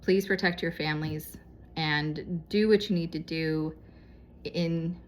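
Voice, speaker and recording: A woman's voice: low voice, fairly even intonation, slow. A woman vlogger speaking to her viewers in a casual, earnest and pleading way, giving moral advice. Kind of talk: casual heartfelt exhortation to viewers.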